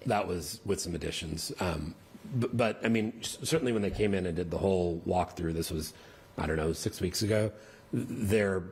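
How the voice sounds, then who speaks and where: A man presenting budget figures to a town board, explaining with halting restarts. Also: low voice, a little mellow. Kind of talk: meeting discussion. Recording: faint room noise, public meeting.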